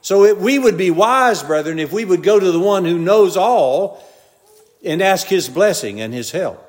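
Older male preacher, Southern drawl, fairly high voice, homely down-to-earth delivery with a long church echo. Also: lively intonation, moderate pace. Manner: homely storytelling, repeatedly addressing "brethren". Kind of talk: folksy conversational sermon. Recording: long reverb of a large hall.

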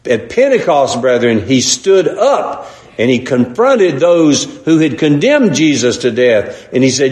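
A man's voice: medium pitch, big pitch swings, measured pace, a little mellow, echoey room. A man preaching a sermon, earnest and repetitive, often calling his listeners brethren. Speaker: pastor.

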